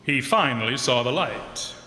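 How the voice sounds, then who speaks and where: An actor playing a bumbling, boastful middle-aged banker turned farmer in a community radio play, blustery and quick to laugh. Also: male voice, medium pitch, animated, sharp tone. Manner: blustery and jolly, laughs a lot. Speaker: lead character. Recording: roomy hall reverb.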